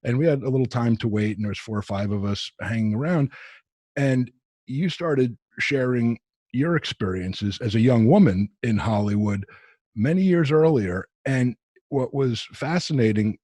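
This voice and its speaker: A man's voice: medium pitch, expressive, normal speed, mellow, no room sound. A middle-aged man with a New Jersey accent, a podcast host chatting casually and joking about himself. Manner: joking and self-deprecating, chatty. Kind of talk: casual interview chat.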